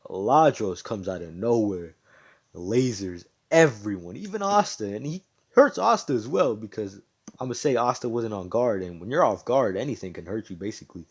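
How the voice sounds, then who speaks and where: A man telling a homemade fan story in his own casual way, packed with swearing and "you know"s. His voice sits fairly low. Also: expressive, moderate pace, slightly rough. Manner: loose and slangy, full of swearing and fillers.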